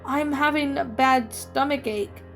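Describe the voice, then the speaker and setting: A woman voicing a grieving young woman who survived a zombie outbreak, speaking softly and tearfully in a read-aloud story. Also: high voice, measured pace, faint music behind. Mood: sad. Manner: tearful, soft-spoken.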